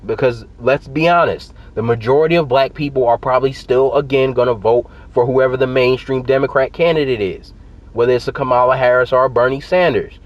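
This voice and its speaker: A man's voice: medium pitch, brisk, lo-fi sound. A man giving heated, emphatic political commentary to his viewers in a direct-to-camera vlog, repeating his points for force. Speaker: political vlogger.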